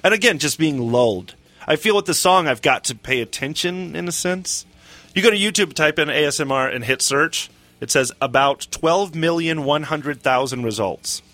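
Bright, dry-voiced Southern podcast host. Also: male voice, fairly high pitch, expressive, normal speed, dry recording. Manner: explanatory, reads out definitions. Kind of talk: casual chat.

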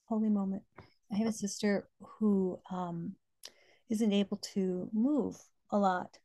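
A woman's voice: mid-range voice, fairly even intonation, slow pace, mellow. A middle-aged woman hosting a podcast, telling heartfelt personal stories and quoting spiritual texts. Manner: heartfelt storytelling, quoting scripture. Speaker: podcast host.

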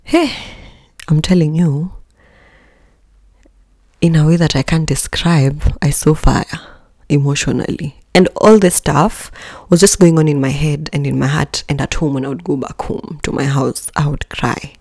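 A woman hosting a podcast, telling a personal story in a candid, expressive way, with joking asides to listeners. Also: measured pace, dry recording. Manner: candid and expressive, with jumps in pitch and level. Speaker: podcast host.

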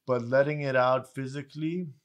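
A man's voice: mid-range voice, fairly even intonation, moderate pace. Reflective man in casual chat. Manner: reflective, rambling with many fillers.

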